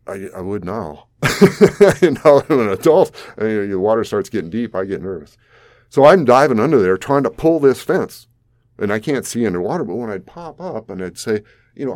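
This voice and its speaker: A man's voice: fairly low pitch, a little mellow, no room sound. A man in his sixties from South Dakota, telling a vivid personal story with an occasional chuckle. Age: 60s. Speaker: flood survivor interviewee.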